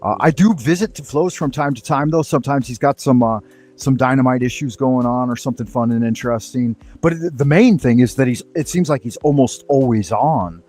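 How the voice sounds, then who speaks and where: A man's voice: medium pitch, a little fast, darkish tone. A man hosting a casual panel chat, talking loosely and swearing, with hustling plugs for his show. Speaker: show host.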